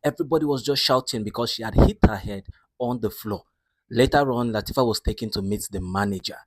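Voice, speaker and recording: A man's voice: medium pitch, brisk, no echo. Chatty man retelling a movie. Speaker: movie recap narrator. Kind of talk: casual storytelling recap.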